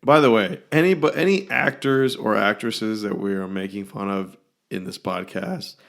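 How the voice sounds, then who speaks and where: A man with a hoarse, gravelly voice co-hosts a casual podcast. He talks bluntly and swears freely, his rasp worn down from yelling. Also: fairly low pitch, moderate pace. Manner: blunt, profane ranting. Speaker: podcast co-host. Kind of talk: casual chat.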